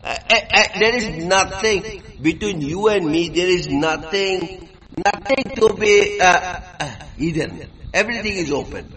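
A man's voice: high-pitched, expressive, unhurried, a crowd in the background, rough recording. A tipsy man delivers a rambling monologue. He is crude and boastful, and he stammers through many fillers. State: tipsy from drinking.

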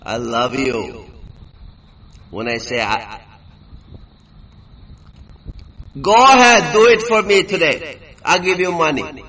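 Boastful tipsy man, high-pitched and slow. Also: very animated, bright, forceful tone, low-quality recording. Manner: crude, boastful, stammering with many fillers. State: tipsy from drinking. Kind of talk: rambling monologue.

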